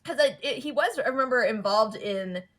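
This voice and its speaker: A woman's voice: on the high side, expressive, a little fast, a little hiss or hum. A woman co-hosting a podcast, chatting casually with a friend and laughing often as she recaps a cartoon episode. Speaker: podcast co-host.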